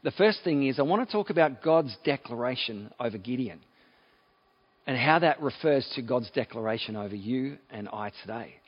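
A man with an Australian accent preaching a sermon in a relaxed, conversational way, with many fillers and restarts. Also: mid-range voice, moderate pace, breathy edge, highs cut off. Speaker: pastor.

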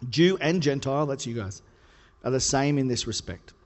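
Playful preacher in a reverberant hall. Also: male voice, animated, moderate pace. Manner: conversational, playful, builds to emphatic highs. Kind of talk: sermon.

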